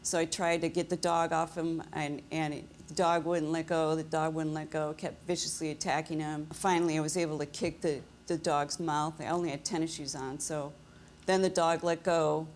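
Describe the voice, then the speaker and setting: Low, flat-voiced woman giving testimony. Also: moderate pace, a little hiss or hum. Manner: detailed, steady storytelling. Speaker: plaintiff. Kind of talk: courtroom testimony.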